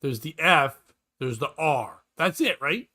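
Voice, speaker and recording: A man, co-hosting a casual podcast chat, telling stories loudly and swearing freely. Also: on the high side, a little slow. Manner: loud, animated storyteller, swears freely, does voices. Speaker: podcast co-host.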